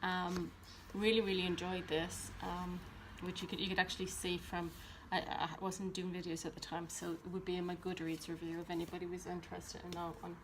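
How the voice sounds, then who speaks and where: A woman's voice: fairly low pitch, level tone, brisk, few pauses, slight background noise. Chatty woman vlogging about books. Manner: chatty, rambling, with many ums and restarts. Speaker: book vlogger. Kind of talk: casual chat. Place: at home by her bookshelves.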